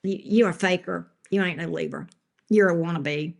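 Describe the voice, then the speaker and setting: Speaking at a moderate pace, this woman has a fairly low, creaky voice. During her live tarot session she fires sassy comebacks at chat, tells off troublemakers, and laughs frequently.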